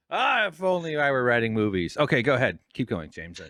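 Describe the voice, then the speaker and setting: A man's voice: medium pitch, big pitch swings, normal speed, fairly bright tone, no room sound, studio quality. A man hosting a podcast in casual chat, joking crudely and stammering. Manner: jokey, crude asides, stammering. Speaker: podcast host.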